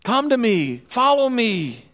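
A man preaching a sermon in a church, often repeating words and restarting, moving between quiet and emphatic passages. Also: very high voice, very animated, takes it slowly. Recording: long reverb of a hall.

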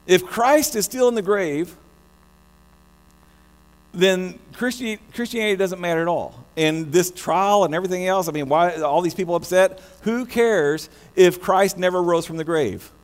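High-voiced American pastor in echoing hall. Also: male voice, moderate pace. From United States. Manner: animated, many restarts and stammers. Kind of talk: sermon. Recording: long hall reverb with mains hum.

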